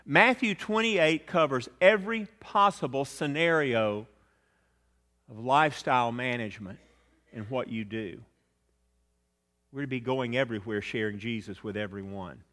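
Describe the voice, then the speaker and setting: Bright-voiced preacher in an echoing hall. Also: male voice, moderate pace. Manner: earnest, swells louder then drops low and quiet. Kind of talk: sermon.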